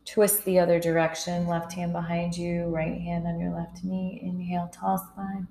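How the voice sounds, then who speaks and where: Yoga instructor, woman, low flat delivery, calm soft cueing of breaths. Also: moderate pace, slight background noise, poor audio.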